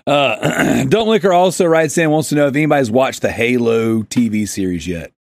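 A man's voice: mid-range voice, moderate pace, creaky, no echo, clean studio sound. A man hosting a casual gaming podcast, joking around, giggling often and reading out listener questions. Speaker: podcast host.

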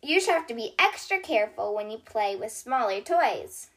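Casting: a woman playing a kind, reassuring little girl doctor, high and bright, storybook read-aloud. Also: very animated, moderate pace. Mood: cheery. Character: cheerful, caring young girl toy doctor.

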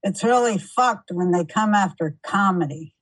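A woman's voice: mid-range voice, moderate pace, no room sound. A woman guesting on a podcast in casual conversation, blunt and swearing freely.

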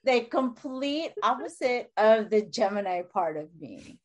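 Woman cohost reacting, laughing along, bouncy pitch, slow talker. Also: animated. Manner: reacts with short laughs and sympathetic interjections. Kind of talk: casual chat.

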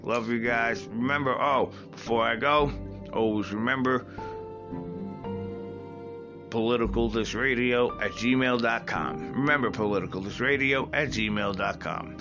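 A man's voice: mid-range voice, measured pace, roomy sound, highs cut off, music in the background. A man hosting a podcast who rants in a heated, profane way. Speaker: podcast host. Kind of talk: heated casual rant.

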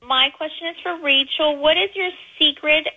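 A woman's voice: sits high, steady tone, normal speed, bright, forceful tone, lo-fi sound. A woman from the audience eagerly asking a guest a question.

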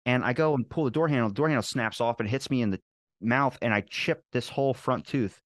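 A man's voice: medium pitch, a little fast, no room sound, studio quality. Rambling, swearing young man telling stories. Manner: rambling storyteller, swears freely, animated quoting. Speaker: podcast host. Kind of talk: casual chat.

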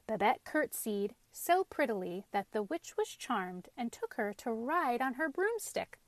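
A woman narrating a children's storybook aloud in a lively, expressive way. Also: fairly high pitch, dry recording.

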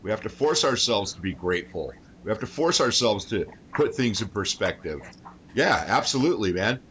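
A man's voice: on the low side, big pitch swings, normal speed, a bit bright. Male co-host, blunt, affirming, muffled line, light hiss. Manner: blunt, affirming, swears casually. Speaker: podcast co-host. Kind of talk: casual podcast conversation. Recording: slightly dull line with faint noise.

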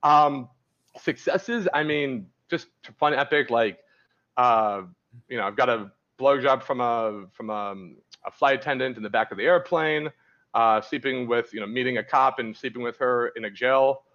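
A man's voice: medium pitch, moderate pace, fairly bright tone, highs cut off. A man, a dating coach, talking candidly as a podcast guest and rambling through stories with many restarts. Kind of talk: casual podcast interview.

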